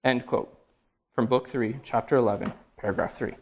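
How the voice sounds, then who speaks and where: A man preaching a sermon, reading scripture aloud with slow, emphatic stresses and dramatic rises. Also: mid-range voice, fairly even intonation, creaky, darkish tone, lo-fi sound, a little hiss or hum.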